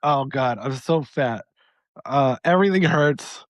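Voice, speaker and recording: A man's voice: mid-range voice, a little slow, no echo. Forties male co-host, self-deprecating and neurotic, mid voice, dry close sound. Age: 40s. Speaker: podcast co-host. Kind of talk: casual chat.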